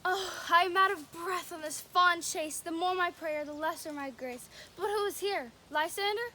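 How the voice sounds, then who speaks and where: A woman's voice: extremely high pitch, normal speed, bright, forceful tone, slight background noise. A young woman playing a spurned young woman, delivering earnest, breathless, pleading verse at an outdoor youth stage performance.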